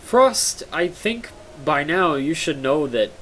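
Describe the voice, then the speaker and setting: A man's voice: on the high side, lively intonation, slow pace, a bit bright, a little hiss or hum. A tired young man chatting casually and self-mockingly to viewers while streaming a game, rambling and joking at himself. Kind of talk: casual live-stream chat.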